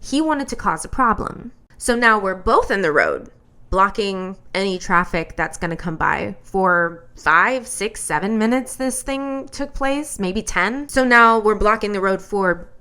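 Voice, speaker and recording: Bright-voiced woman telling a story. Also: medium pitch, unhurried. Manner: animated, blunt, exasperated retelling. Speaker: host. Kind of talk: storytelling commentary.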